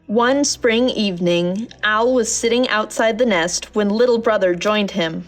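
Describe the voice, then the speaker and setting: Woman reading a kids storybook, gentle and even, middle pitch. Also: measured pace, hardly any pauses, soft background music. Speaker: narrator. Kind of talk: storybook narration.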